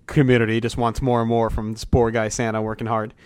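A man's voice: mid-range voice, little pitch movement, fast talker, darkish tone, smooth, no room sound. A man co-hosting a casual comedy podcast, ranting and swearing with jokey outrage. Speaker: podcast co-host.

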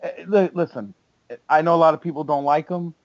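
A man's voice: a little high, fairly even intonation, brisk, no room sound. A man from Brooklyn and South Florida with a Brooklyn accent, co-hosting a sports talk show in a teasing, wry, loose way. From Brooklyn, raised in South Florida. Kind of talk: casual sports talk chat. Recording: dull, lo-fi podcast audio.

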